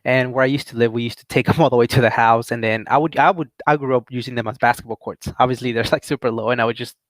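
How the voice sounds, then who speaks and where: A young man hosting his channel, telling a story in a casual, rambling way with frequent laughs and lively quoting of others. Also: mid-range voice, fast talker, no room sound. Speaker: channel host.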